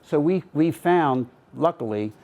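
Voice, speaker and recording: A man's voice: on the high side, animated, a little slow, a little mellow. A middle-aged man, a company co-founder, speaking at a live event in a conversational storytelling way with frequent fillers. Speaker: company co-founder giving a talk.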